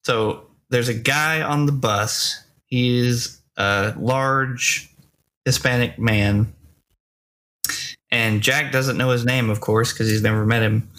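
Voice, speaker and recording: A man's voice: mid-range voice, fairly even intonation, slow, fairly bright tone. A man co-hosting a movie review podcast, talking casually and hesitantly with many fillers. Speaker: podcast co-host.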